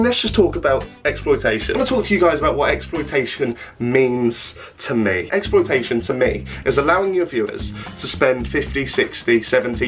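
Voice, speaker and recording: A man's voice: mid-range voice, a bit bright. A young man delivering a blunt, sweary, sarcastic vlog rant. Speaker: YouTuber. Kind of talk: ranting vlog.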